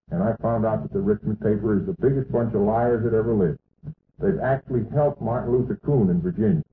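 A man's voice: medium pitch, a little hiss or hum. A man giving an emphatic, boastful rally speech to an audience in a meeting hall. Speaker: political speaker. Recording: tinny, echoey archival hall recording.

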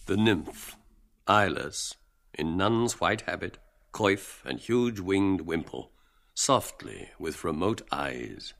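Deep-voiced male narrator. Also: expressive, slow, creaky, a bit bright. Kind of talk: scripted narration of stage directions.

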